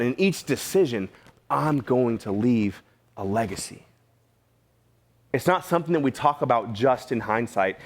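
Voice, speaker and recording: A man preaching a sermon in a church, casual and conversational, with slang and repeated questions to the room. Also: medium pitch. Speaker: pastor. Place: church sanctuary.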